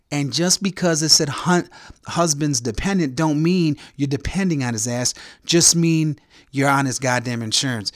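A man's voice: on the high side, moderate pace, no room sound, clean studio sound. A man hosting a podcast, delivering a crude, angry ranting monologue full of swearing and heckling.

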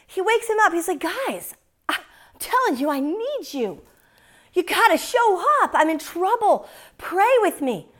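A woman preaching a sermon in an emphatic, animated way, often repeating phrases for stress. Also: high-pitched.

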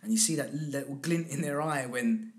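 A man's voice: medium pitch, normal speed. A man working as an accent and dialect coach, chatting animatedly in an interview and acting out little scenes in other voices. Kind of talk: casual interview chat.

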